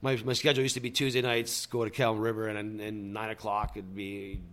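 A man guesting on a podcast, talking casually in a halting way with many repeated words. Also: on the low side, flat delivery, a bit bright. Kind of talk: casual chat.

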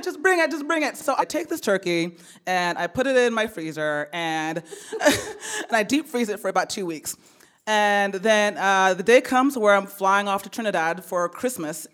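Animated woman telling a story. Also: mid-range voice. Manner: animated, laughing, repeats words. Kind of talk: live first-person storytelling.

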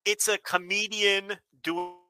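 A man's voice: high voice, level tone, slow pace, pushed and bright, clean tone. A man co-hosting a podcast in casual chat, blunt and sarcastic in his remarks. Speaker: podcast co-host.

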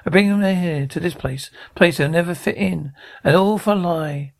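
A man's voice: a little high, moderate pace, vocal fry. An actor playing a guilt-ridden widowed father who rambles through an anxious, self-reproaching confession. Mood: despairing. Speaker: father of teenagers. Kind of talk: TV drama acting.

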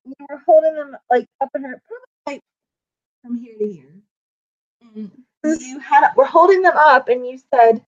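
A woman's voice: high voice, moderate pace, dull audio. A woman in casual chat, recounting a story and filling in details.

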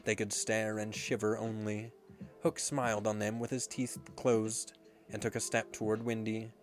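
A man reading a storybook aloud in a measured, expressive way. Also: lowish voice, soft background music. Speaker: narrator.

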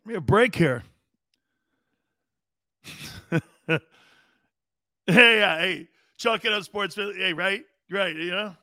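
Man, sports talk host, high voice, dry close sound, rowdy and jokey, live stream chat. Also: no echo. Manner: animated, joking, profane, quick to laugh. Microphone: studio mic he adjusts himself.

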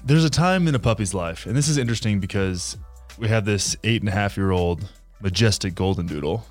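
A man's voice: fairly low pitch, fairly quick, faint music behind. A man co-hosting a podcast in casual chat, telling loose, rambling stories with plenty of swearing. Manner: rambling, profane storytelling. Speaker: podcast co-host.

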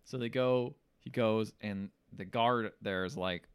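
A man co-hosting a casual movie recap, laughing and mimicking the characters in low mumbled voices. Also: a little slow, clean tone, no room sound, dull audio. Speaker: podcast co-host recapping a movie. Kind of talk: casual chat.

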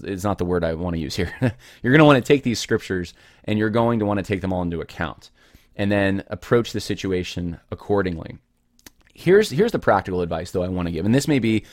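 A man's voice: on the low side, no echo, studio quality. A man giving an informal Bible teaching in an earnest, conversational way, with frequent fillers and restarts.

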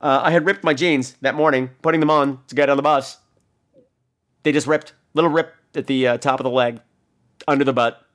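A man's voice: mid-range voice, a little fast. A man hosting a podcast, telling a casual, profane story and acting out the people in it. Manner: animated, profane, acts out the people in his stories. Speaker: podcast host.

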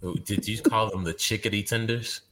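A man's voice: fairly low pitch, fairly even intonation, a little fast, sharp tone, poor audio. A man co-hosting a podcast who laughs often and teases the others in casual chat. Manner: laughing, teasing. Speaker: podcast co-host.

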